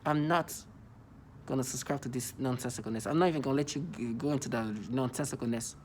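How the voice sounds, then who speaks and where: A man's voice: mid-range voice, quick pace, a little hiss or hum. Man in his thirties, agitated rant, stammering restarts, repeats phrases, solo vlog. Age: 30s.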